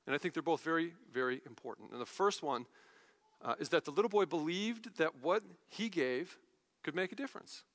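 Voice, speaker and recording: A male pastor delivers a sermon in a high, very animated voice with a bright, forceful edge. He tells the story casually, slipping into everyday voices for the figures. The sound carries a long hall reverb.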